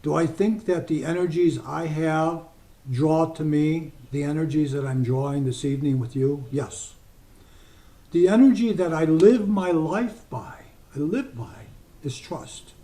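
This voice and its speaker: An older man from the United States, a hypnotist, telling personal stories to a group and slipping into slow, soft guided suggestions. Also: a little high. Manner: storytelling, slows to soft deliberate suggestions. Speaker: hypnotist speaker.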